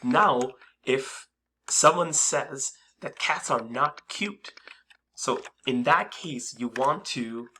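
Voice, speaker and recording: Man, coding tutorial, bright voice, casual and hesitant, lots of ums, keyboard clicks behind. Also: medium pitch, lively intonation, takes it slowly, slight background noise. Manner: casual, hesitant, many fillers and restarts. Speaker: coding instructor. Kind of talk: screen-recorded coding tutorial.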